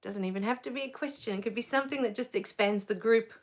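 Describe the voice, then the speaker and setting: A woman's voice: on the high side, fast talker. Chatty, emotional woman live-streaming. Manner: chatty and emotional, easily moved to tears; relaxed with frequent fillers. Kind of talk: casual live stream chat reading viewer comments.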